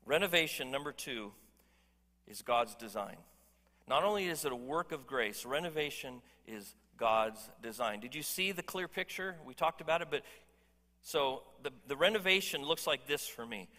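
Emphatic pastor in a reverberant hall. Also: male voice, fairly high pitch, sharp tone. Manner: emphatic, conversational, jokes with the congregation. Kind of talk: sermon. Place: church hall.

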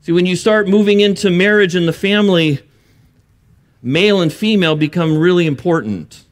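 A man's voice: high voice, normal speed. A man preaching a sermon, earnest and building to emphatic bursts, with joking asides. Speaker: pastor.

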